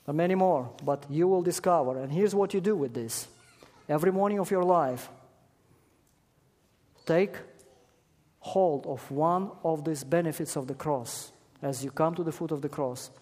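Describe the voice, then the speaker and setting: A man preaching with emphatic force, his fairly high voice climbing to loud peaks on key words. He speaks in a church or large hall, and a long echo trails each phrase. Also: moderate pace. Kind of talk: sermon. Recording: echoey hall.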